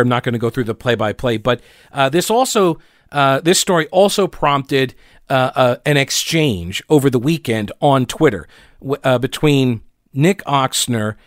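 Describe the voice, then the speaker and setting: A male radio talk show host from North Carolina offers casual political commentary, chatty and sarcastic, with lots of fillers and restarts. He has a mid-range voice at a moderate pace, captured in studio quality with no room sound.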